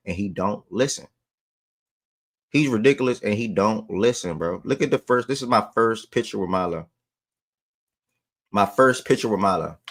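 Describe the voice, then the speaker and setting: A man's voice: on the low side, expressive, moderate pace, pauses often, a bit bright. A man hosting a sports livestream, talking to his chat in loose, slangy casual speech. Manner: loose slangy talk, breaks off to call his dog.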